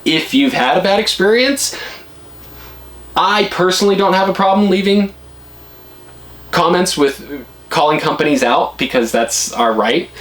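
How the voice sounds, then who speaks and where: A middle-aged man vlogging casual advice, blunt and animated, his pitch jumping up when he gets worked up. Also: a little slow, long pauses, rough recording.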